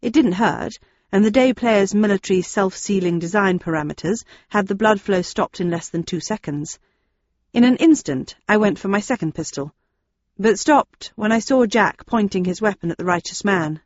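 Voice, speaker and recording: A woman reading a novel aloud in the first person, with measured, steady storytelling. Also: medium pitch, dry recording, lo-fi sound. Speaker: audiobook narrator. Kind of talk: first-person audiobook narration.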